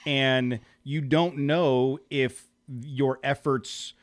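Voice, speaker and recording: Brief: man podcast host, mid pitch, sincere and halting. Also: fairly even intonation. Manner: earnest, stumbling restarts. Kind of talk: casual interview chat.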